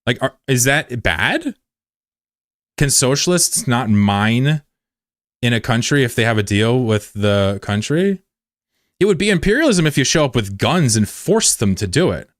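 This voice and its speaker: A man streaming live, chatting bluntly and profanely with viewers, swinging between loud outbursts and low mutters. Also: big pitch swings, measured pace, dry recording, clean studio sound. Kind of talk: casual live-stream chat.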